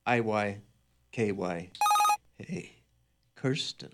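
A man hosting a lively radio game show from a small studio, bantering and joking with the players. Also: lowish voice, extremely slow, heavy background noise. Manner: jokey, animated quizmaster. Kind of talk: playful live radio banter.

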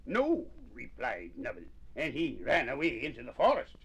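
Storybook narrator, man, gravelly and husky, lively pitch. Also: normal speed, low-quality recording. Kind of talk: storybook read-aloud.

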